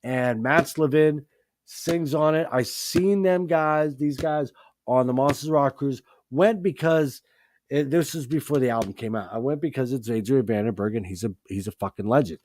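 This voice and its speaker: Excitable man gushing about albums. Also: mid-range voice, moderate pace. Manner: excitable, swears, many restarts. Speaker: host. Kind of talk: live-stream music chat.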